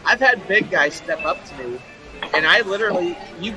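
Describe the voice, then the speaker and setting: A man with a high voice spins swaggering fight stories, swearing as he goes. Loud music plays clearly behind him. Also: lively intonation, moderate pace, low-quality recording. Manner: tough-talking storyteller, swearing, laughing at own lines. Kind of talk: casual bar-room chat.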